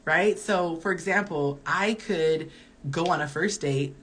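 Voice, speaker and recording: A woman's voice: fairly low pitch, a little slow, fairly bright tone. A woman in her early forties, a dating coach, giving candid advice in a chatty live-stream Q&A while reading viewer comments aloud. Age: early 40s.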